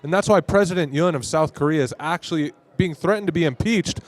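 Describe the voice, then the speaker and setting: A man's voice: fairly high pitch, brisk. A man from Arizona speaking in an emphatic, opinionated way in a casual conversation at a convention. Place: convention floor.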